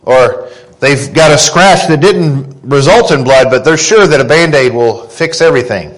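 A man in his thirties preaching a sermon, earnest and deliberate, rising in pitch when he quotes scripture. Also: lively intonation, poor audio. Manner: slow, earnest preaching with emphatic rises on quotes. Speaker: pastor.

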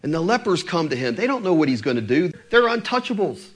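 Preacher guy, fairly high voice, swoops all over, acts out the bible bits. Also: fast. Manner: animated storytelling preaching, acting out scripture quotes. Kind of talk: sermon.

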